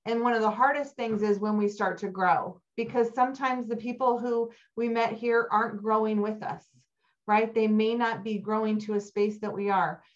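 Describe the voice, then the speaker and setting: A middle-aged woman giving a motivational keynote talk, telling stories with animated energy and climbing high when excited. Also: normal speed. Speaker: keynote speaker. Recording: dull lo-fi recording.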